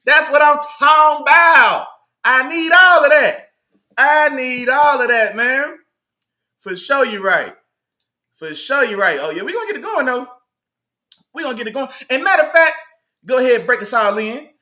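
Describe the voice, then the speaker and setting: High, bright-voiced hype man hosting. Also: animated, normal speed, pauses often. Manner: slangy, hypes up the live chat, repeats himself. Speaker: sports show host. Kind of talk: casual livestream sports talk.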